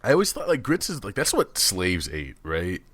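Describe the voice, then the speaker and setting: A man's voice: deep voice, wildly swooping pitch, moderate pace, a bit bright, slightly rough, dry recording. Crude teasing male podcast co-host. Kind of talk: casual comedic chat.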